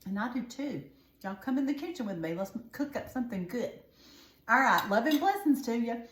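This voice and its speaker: A woman's voice: a little high, animated, brisk. A woman with a Southern US accent hosting a casual home cooking demonstration, chatty and folksy. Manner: chatty, folksy, keeps saying "y'all". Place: home kitchen at the stove. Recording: echoey kitchen with loud frying sizzle. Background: frying and sizzling pan.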